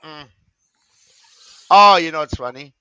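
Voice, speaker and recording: A man's voice: on the high side, lively intonation, measured pace, bright, forceful tone, clean tone, no echo, lo-fi sound. A man hosting a casual stream chat, rambling with lots of fillers and restarts. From Wisconsin. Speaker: stream host.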